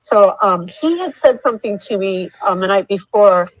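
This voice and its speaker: A middle-aged woman telling her story in an interview, halting with many fillers and restarts, her voice rising when upset. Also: mid-range voice, animated, no room sound. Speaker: mother of a missing man, interview guest. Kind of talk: emotional interview account. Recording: dull dry lo-fi sound.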